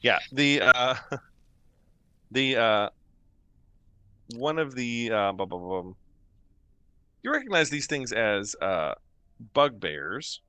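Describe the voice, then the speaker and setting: A man narrating as game master of a tabletop game, slow and hesitant with many fillers. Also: mid-range voice, sing-song, sharp tone, smooth, dry recording.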